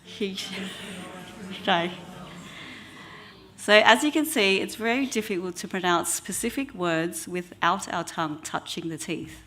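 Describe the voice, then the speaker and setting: A woman, an oral health therapist giving an educational talk in a measured way with frequent ums. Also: on the low side, a bit bright, a little hiss or hum.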